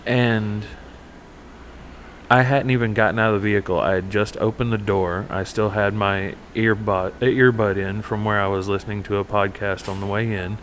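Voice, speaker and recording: A man's voice: on the low side, fairly even intonation, normal speed, a bit bright, a little hiss or hum. A man co-hosting a podcast, chatting casually and telling a rambling story full of fillers and restarts. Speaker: podcast co-host. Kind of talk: casual chat.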